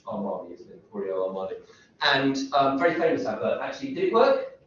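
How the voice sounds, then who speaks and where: Recorded distantly in an echoey lecture room with a dull sound, a man with a medium-pitched, fairly bright voice gives a university lecture. He's very animated and fairly quick, rambling, cutting himself off, and throwing rhetorical questions at the students.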